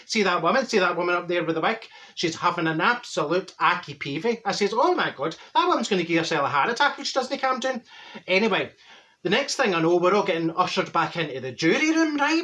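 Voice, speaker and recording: A man's voice: high-pitched, sharp tone, exaggerated voice. A man playing a brash, straight-talking middle-aged Glaswegian woman who tells a rambling comic story full of mixed-up sayings. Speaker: comic character monologue. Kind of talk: comedic character monologue.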